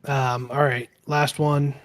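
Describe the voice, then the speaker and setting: A man around forty, co-hosting a relaxed podcast. He tells his story in a loose, rambling way, stops to correct himself, and briefly takes on the voices of people in his story. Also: mid-range voice, takes it slowly. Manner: rambling, self-correcting storyteller who acts out quoted dialogue. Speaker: podcast co-host. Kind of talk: casual storytelling chat.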